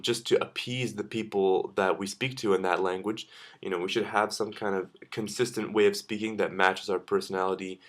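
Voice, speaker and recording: Man, lowish voice, casual vlog reply, easygoing and unscripted with plenty of ums. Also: fairly bright tone. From Canada. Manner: easygoing, thinking aloud with frequent ums and uhs. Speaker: vlogger. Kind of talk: casual video response.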